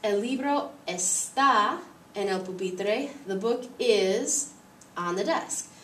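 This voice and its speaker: A woman's voice: mid-range voice, expressive, takes it slowly, fairly bright tone, echoey room, far from the mic, slight background noise. A woman teaching a Spanish grammar lesson, patiently explaining each step.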